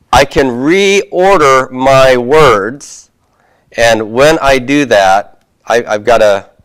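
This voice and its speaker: A man teaching a Hebrew grammar lesson, explaining slowly with many fillers and frequent "okay?" check-ins while he writes on a board. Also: mid-range voice. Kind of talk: recorded classroom lecture.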